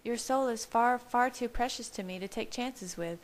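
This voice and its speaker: A woman's voice: a little high, normal speed, slight background noise, pitched above the performer's own voice, natural voice. A woman voicing an earnest, determined young woman who pleads and insists, in a fan-read storybook.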